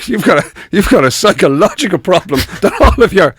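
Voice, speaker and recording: A man's voice: sits high, sing-song, brisk, a bit bright, breathy edge, no room sound, clean studio sound. A man co-hosting a comedy radio after-show, teasing and riffing playfully. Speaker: radio co-host. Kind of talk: comic after-show banter.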